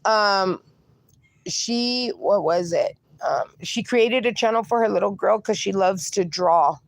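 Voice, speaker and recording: A woman takes it slowly in a medium-pitched, gravelly voice on a dry recording. She's hosting a relaxed live stream outside with her dogs, chatting, reading viewers' comments aloud and using baby talk with her pups.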